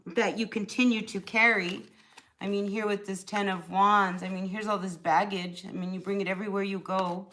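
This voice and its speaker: A woman's voice: medium pitch, a bit bright. A woman chatting casually during a live tarot reading, answering viewers by name and laughing often. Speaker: tarot reader.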